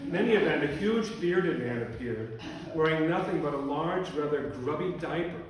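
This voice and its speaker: Deadpan man, echoey and distant. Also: fairly high pitch, moderate pace, noisy background. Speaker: storyteller. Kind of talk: humorous reading to a live audience.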